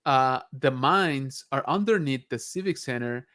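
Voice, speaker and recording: Male podcast co-host, casual and rambling, mid-pitched voice. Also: expressive, unhurried, fairly bright tone. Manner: rambling, many fillers and restarts. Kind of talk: casual chat.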